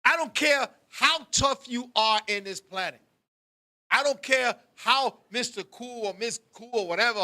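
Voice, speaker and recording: A man co-hosting a talk show, telling a comic story in an animated, profane way and acting out scenes with sudden shouts. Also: extremely high pitch, measured pace. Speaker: podcast co-host.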